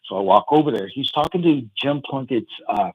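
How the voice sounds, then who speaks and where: Halting male caller on a dull line. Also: medium pitch, expressive, husky, no echo. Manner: rambling, halting, full of fillers and restarts. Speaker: caller sharing a fan memory. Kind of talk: casual phone-in storytelling.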